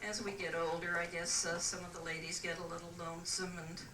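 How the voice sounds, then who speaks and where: A stand-up comic on a cruise, an older woman from the West Coast, tells jokes in a dry, hesitant style, saying "uh" often. She speaks a little fast in a fairly low, flat voice, and the distant mic captures roomy ambience and a noisy background.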